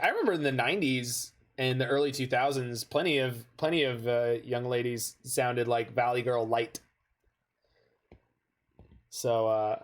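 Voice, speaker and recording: A man's voice: mid-range voice, fairly bright tone. Chatty man giving gameplay commentary. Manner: chatty, rambling, jokey asides. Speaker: streamer playing a card game.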